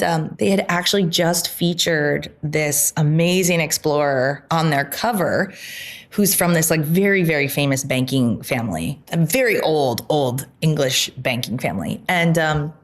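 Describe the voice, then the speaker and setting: A woman guest on an interview podcast, telling her story in a casual, animated way and laughing often. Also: sits low, moderate pace.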